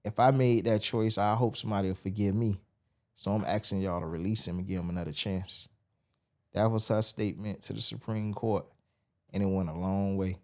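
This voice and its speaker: A man's voice: on the low side, steady tone, fairly quick. A man, telling his story as a podcast guest and acting out the voices he quotes. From Miami, USA. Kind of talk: storytelling interview.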